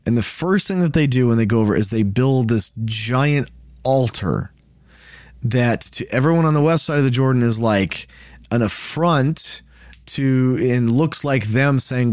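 A man's voice: mid-range voice, unhurried, dry recording, studio quality. A man leading a casual Bible study, explaining scripture in a conversational way and paraphrasing it in quoted asides.

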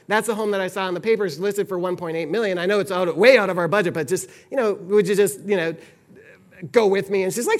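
A man's voice: sits high, fast. A man preaching, telling a long story and acting out the lines of the people in it. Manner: animated, acts out quoted dialogue. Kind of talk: sermon storytelling.

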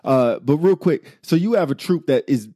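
A man's voice: on the high side, moderate pace, husky, no room sound. Guy cohosting a chill talk show, gets hyped as he explains stuff, dry close mic. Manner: animated, talks through examples with quoted asides. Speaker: podcast co-host. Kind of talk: casual chat.

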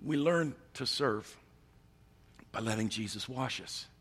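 A man preaching from the pulpit, his husky voice carrying a long reverb through the church. He drops to hushed, intimate lines and then builds to loud, emphatic passages. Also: mid-range voice, unhurried. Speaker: pastor. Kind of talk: sermon.

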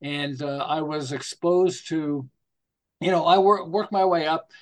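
A man's voice: a little high, a little slow. An older man from Canada, a podcast guest, telling rambling stories in a casual interview with many restarts. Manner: rambling, animated anecdotes with restarts.

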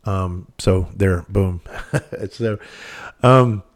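A man's voice: deep voice, very slow. A middle-aged man, hosting a podcast and telling a rambling, candid, profane story in casual monologue. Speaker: podcast host.

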